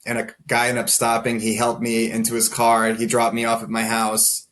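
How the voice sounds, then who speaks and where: A man's voice: mid-range voice, monotone, normal speed, fairly bright tone. Male podcast guest, mid-range voice, rambling candid storyteller, self-deprecating. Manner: rambling, heavy use of "like" fillers; self-deprecating, laughs at himself.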